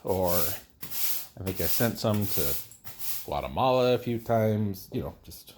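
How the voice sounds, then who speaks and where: A fairly low-voiced man who talks casually while he works on a building project. His pitch swings widely as he rambles and gets outspoken, and he often jokes about himself. A faint background noise sits under his voice. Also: lively intonation, slow. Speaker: DIY builder host.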